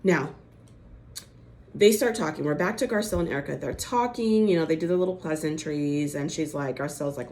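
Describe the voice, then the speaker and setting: A woman's voice: low voice, a little fast, darkish tone. A woman giving a casual, chatty recap of a TV episode, full of "like" and "you know" and acting out the quotes. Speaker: reality TV recap host.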